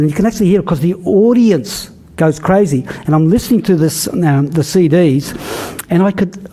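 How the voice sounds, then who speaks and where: Older man, lecture storyteller, halting delivery, slightly high, mellow voice. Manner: halting, many restarts and fillers. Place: lecture hall.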